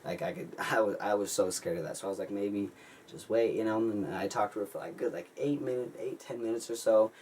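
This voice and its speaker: Brief: young male vlogger, lowish voice, excitable rambling storyteller, recorded from a distance. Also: quick pace, hardly any pauses. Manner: rambling, excitable, heavy use of "like". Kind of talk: casual storytelling. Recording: distant mic with faint ambient noise.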